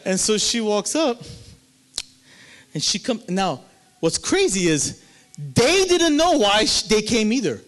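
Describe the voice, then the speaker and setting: Animated, forceful male pastor. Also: high voice, slow pace, long pauses. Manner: animated, swings from loud to hushed. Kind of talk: storytelling sermon.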